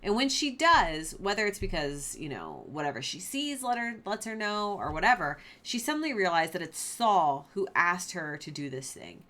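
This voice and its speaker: A woman's voice: on the low side, big pitch swings, normal speed, few pauses, a bit bright. A young woman who teaches a casual Bible lesson in a chatty way, with lots of fillers, and who reads scripture aloud. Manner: chatty, filler-heavy, laughs at the story.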